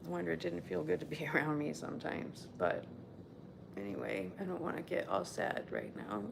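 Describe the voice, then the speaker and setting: A woman talking through her feelings in a casual solo check-in, candid and rambling, swearing freely and sometimes dropping to a hushed voice. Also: low-pitched, moderate pace, gravelly, noisy background. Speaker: video diarist.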